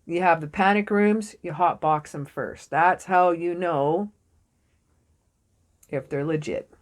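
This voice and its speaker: An excitable young woman reads tarot cards in a loose, jokey way, swearing as she goes. Her voice sits a little low for a woman. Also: takes it slowly. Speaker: tarot reader. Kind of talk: casual tarot reading to camera.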